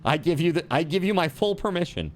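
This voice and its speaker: Lively, chatty male streamer. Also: a little high, fast talker, a little hiss or hum. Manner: chatty, teasing, answers viewer chat. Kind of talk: casual chat while gaming on stream.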